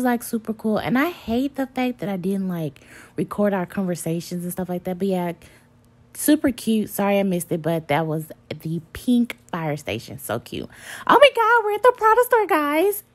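A woman talking casually to her viewers about a road trip, chatty and gushing, with apologetic asides. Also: lowish voice. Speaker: travel vlogger. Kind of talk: casual vlog narration.

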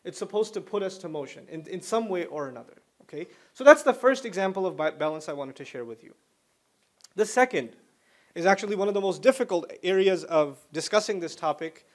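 A man's voice: sits high, brisk. A man giving a religious lecture, explaining ideas through repeated everyday examples, joking and acting out what people say. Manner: animated, joking, acts out quoted speech. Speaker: Islamic lecturer.

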